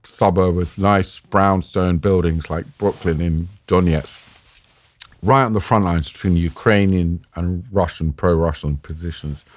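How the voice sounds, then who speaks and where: A middle-aged British man, a war journalist, recounting anecdotes in a lively, self-mocking way as a podcast guest. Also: deep voice, a little slow, dry recording. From Britain. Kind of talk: animated anecdotal storytelling.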